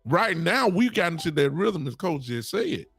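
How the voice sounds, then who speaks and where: A man hosting a sports podcast, talking excitably and preaching to his listeners. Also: fairly high pitch, normal speed, gravelly, slightly rough, dry recording, faint music behind. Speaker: podcast host. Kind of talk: animated sports talk.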